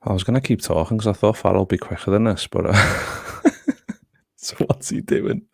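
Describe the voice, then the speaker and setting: A man hosts a laid-back football chat, wandering between thoughts and swearing casually. His voice sits very low with a gravelly fry. The recording is dry and close to the mic. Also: normal speed, no echo. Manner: rambling, swears casually, chats to the live chat. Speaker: podcast host.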